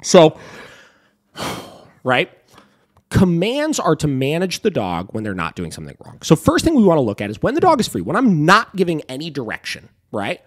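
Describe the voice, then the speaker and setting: A man's voice: fairly high pitch, wildly swooping pitch, moderate pace. A young man hosting a dog training podcast, explaining emphatically in a casual way, often asking "right?" and swearing now and then.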